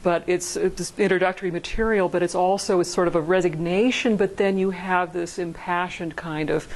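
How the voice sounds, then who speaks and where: A woman violinist in a casual rehearsal discussion, talking quickly and singing phrases aloud to explain them. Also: on the low side, fairly even intonation, poor audio. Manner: quick, sings phrases out loud while explaining.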